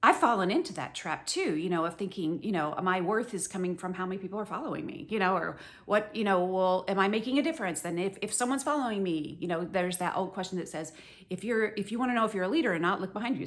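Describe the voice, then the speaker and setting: Middle-aged woman, devotional bible teaching, earnest and animated, lots of "you know". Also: medium pitch, fast talker.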